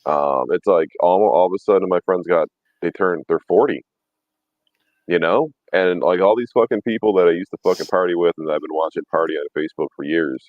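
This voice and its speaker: A man's voice: sits low, a little fast, dry recording, phone-quality sound. A man in his thirties telling rambling, profane stories in casual chat, laughing often. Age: 30s. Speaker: podcast host.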